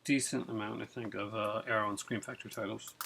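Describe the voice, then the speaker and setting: A man hosting a casual unboxing vlog who talks in an excitable, rambling way with many fillers. He sounds chilled from being out in the cold and rain. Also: on the low side, fast talker, creaky, background noise. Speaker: video host.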